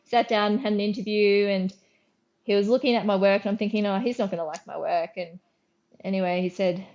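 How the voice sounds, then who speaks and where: Middle-aged aussie woman chatting as a guest, mid-pitched voice, acts out what she said back then, dull lo-fi audio. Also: brisk. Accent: Australian. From Australia. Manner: lively anecdotes, acts out her own quoted lines, frequent restarts. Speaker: guest artist. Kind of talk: casual interview storytelling.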